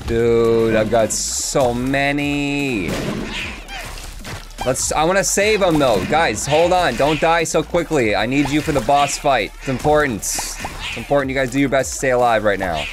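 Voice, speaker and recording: Dude doing let's play commentary, super jokey, voice jumping all over, game music going. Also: male voice, medium pitch. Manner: excitable, jokey, chatty with the game. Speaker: gaming channel host.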